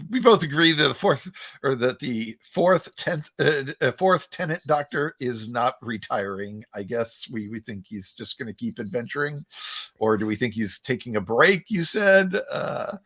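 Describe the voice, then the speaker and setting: A man talking in a relaxed podcast chat, voice sitting at an ordinary middle pitch. He picks things apart with a wry edge and laughs often between his points. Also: moderate pace, breathy edge. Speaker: podcast co-host. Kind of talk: casual chat.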